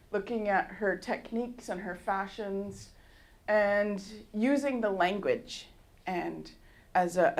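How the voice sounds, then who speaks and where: A woman artist from Canada giving a public talk in a university lecture hall, telling stories in a lively, storytelling way and often laughing. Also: mid-range voice. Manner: animated storyteller who laughs often and acts out dialogue.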